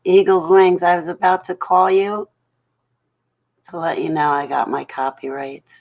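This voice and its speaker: Slow, low, gravelly-voiced woman livestreaming. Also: steady tone, highs cut off. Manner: greets chat viewers one by one, affectionate. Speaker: livestream host. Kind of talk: casual livestream chat. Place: at home at night.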